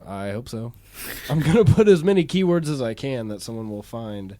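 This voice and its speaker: Male podcast guest, Midwestern American accent, hesitant, lively pitch, dry sound. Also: normal speed, dry recording. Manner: laughing often, hesitant fillers, swearing. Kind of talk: casual chat.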